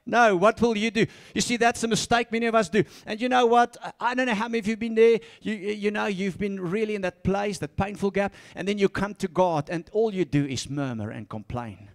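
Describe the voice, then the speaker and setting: A man preaching a sermon, swinging between soft asides and loud, repeated calls, often laughing and stumbling over his words. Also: high-pitched, fairly quick, hardly any pauses. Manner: laughs often, stumbles and restarts when fired up. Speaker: pastor.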